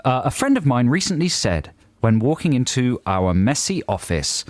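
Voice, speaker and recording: A man's voice: medium pitch, sing-song, normal speed, no echo. A man co-hosting a comic radio show, bantering playfully and reading out listener emails. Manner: playful, laughs often, banters. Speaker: radio co-host.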